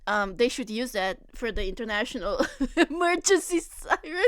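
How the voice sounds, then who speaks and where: A woman's voice: a little high, big pitch swings, moderate pace, fairly bright tone, dry recording, studio quality. A woman streamer chatting casually on a live stream, giggling and asking incredulous questions.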